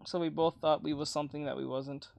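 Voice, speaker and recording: A man's voice: a little high, flat delivery, quick pace, gravelly. A young man with a boyish, youthful-sounding voice chatting casually on a livestream, rambling, laughing often and swearing freely.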